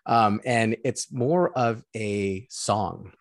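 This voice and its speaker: A young man hosting a casual film review chat, lively and quick to laugh. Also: lowish voice, no echo, studio quality. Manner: laughs often, lively and chatty. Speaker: film review show host.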